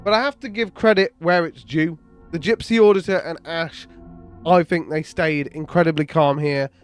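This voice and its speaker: A man's voice: a little high, fairly even intonation, normal speed, smooth, faint music behind. A British man giving casual, opinionated commentary on a video clip, laughing along now and then. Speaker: commentary host. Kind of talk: reaction commentary.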